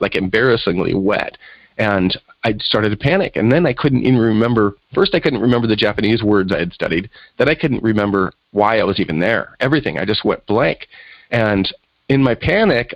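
Interview guest: man, lowish voice, lively storyteller who acts out quotes. Dry, muffled recording. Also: no echo. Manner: animated storyteller acting out quotes. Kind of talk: storytelling in conversation.

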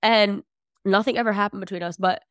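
A woman's voice: mid-range voice, steady tone, brisk, fairly bright tone, clean tone, no room sound, clean studio sound. A woman in her twenties, a podcast guest telling a personal story in a chatty, filler-heavy way. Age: 20s. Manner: chatty, filler-heavy, acts out family dialogue. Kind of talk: casual storytelling.

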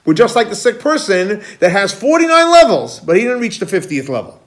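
A man teaching a Kabbalah class as a rabbi, animated, quizzing students and repeating key points. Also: sits high, brisk. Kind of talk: classroom lecture.

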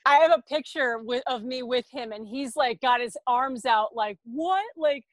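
A woman's voice: fairly high pitch, moderate pace, no room sound. A woman, a radio host and life coach, chatting casually as a guest and laughing often through her stories. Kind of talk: casual chat.

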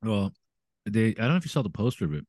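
A man co-hosting a podcast in casual chat, quick to agree and prone to repeating words. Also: lowish voice, big pitch swings, a little mellow, no room sound, studio quality. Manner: fast, repeats words and restarts, agrees eagerly. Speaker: podcast co-host.

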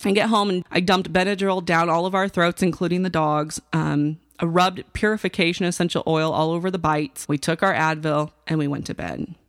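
A woman tells a personal story to her listeners in a casual, chatty way. She tosses in fillers and asides as she goes. Her voice sits low with a gravelly fry, and the recording sounds dry and close. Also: steady tone, brisk, few pauses, no room sound. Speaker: podcast host telling a personal story.

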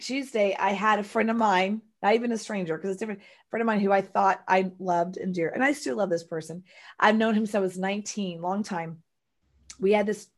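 A woman chatting casually and telling stories in an animated way, often acting out what others said. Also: medium pitch. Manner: animated storyteller, acts out quotes loudly. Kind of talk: casual chat.

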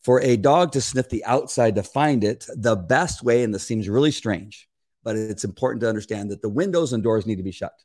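An older man with a fairly low voice and brisk delivery is a regular guest on a talk show, casually explaining scent detection. He's animated, acting out quoted conversations in a raised voice.

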